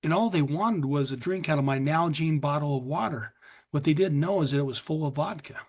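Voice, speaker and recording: A man's voice: a little high, brisk, darkish tone. A middle-aged American man telling his recovery story in earnest, confessional form at a meeting, acting out what his past self said. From USA. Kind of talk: personal testimony at a recovery meeting.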